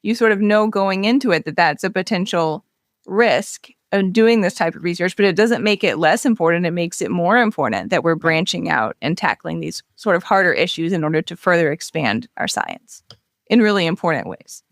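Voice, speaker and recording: A woman co-hosting a podcast, speaking in a measured and supportive way. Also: lowish voice, lively intonation, dry recording, studio quality. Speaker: podcast co-host. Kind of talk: conversational podcast interview.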